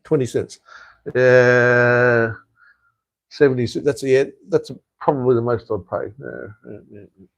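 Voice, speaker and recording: A man's voice: medium pitch, steady tone, a little slow. An Australian man hosting a casual live stream, chatting loosely and answering viewer comments with lots of fillers, "mate" and "hey". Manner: rambling, with frequent "uh", "mate" and "hey".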